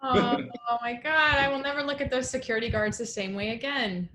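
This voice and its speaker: Bright, enthusiastic woman hosting an interview. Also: fairly high pitch, steady tone, fairly quick, slight background noise. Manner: enthusiastic, gushing praise. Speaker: host. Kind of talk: casual interview chat.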